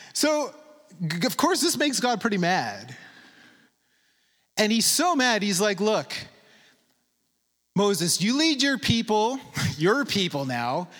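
A man preaching to a congregation, pitched high and swinging widely as he goes. He keeps firing questions at his listeners. His voice rings out with a long reverb from the hall. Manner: animated, asks the audience questions. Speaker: pastor. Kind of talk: sermon.

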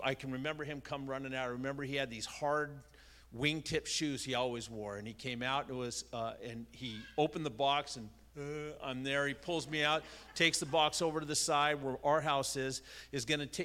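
A man's voice: mid-range voice, steady tone, normal speed, sharp tone. An older man, a pastor, telling a personal story in a conversational, self-deprecating sermon style.

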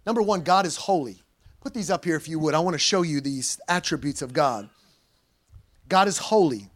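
A male pastor with a high-pitched voice preaches a sermon at normal speed. His delivery is animated and conversational as he reads scripture and tosses in playful slang asides.

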